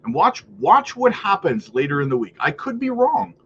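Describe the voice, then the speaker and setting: Brief: male live-stream host, fairly high voice, upbeat and chatty, slightly dull lo-fi audio. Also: big pitch swings, normal speed, fairly bright tone, slight background noise. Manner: upbeat, chatty, tags lines with "right?" and "guys". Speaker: crypto livestream host. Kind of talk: casual livestream commentary, reading chat. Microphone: streaming setup mic.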